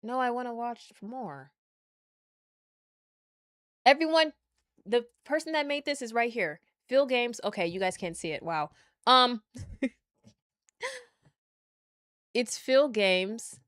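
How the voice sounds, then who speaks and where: Chatty excited lady streamer talking to her chat, kinda high voice, dry close mic. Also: slow pace, long pauses, no room sound. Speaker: gaming streamer. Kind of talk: casual live-stream chat.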